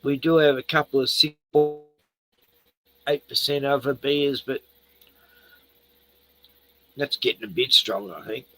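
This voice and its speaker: A man's voice: medium pitch, measured pace, pauses often, bright, forceful tone, no room sound, soft background music, poor audio. An older Australian man hosting a casual livestream, rambling and swearing freely while tipsy from a few beers. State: tipsy from beer. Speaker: livestream host.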